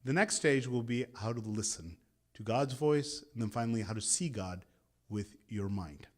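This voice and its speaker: A man's voice: medium pitch, normal speed. A man in his thirties, a meditation teacher giving a guided meditation talk and leading a group in call-and-response chanting at an interfaith gathering.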